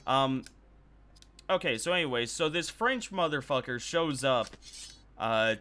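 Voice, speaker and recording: A man's voice: mid-range voice, moderate pace, sharp tone. A man streaming a game and telling a rambling, loose story with frequent self-corrections. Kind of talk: casual storytelling while gaming.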